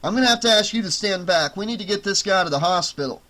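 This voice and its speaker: A man reading an audiobook, voicing a paramedic who gives quick, clipped orders. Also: high-pitched, pushed and bright, pitched above the performer's own voice. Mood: brisk. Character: brisk, commanding male paramedic.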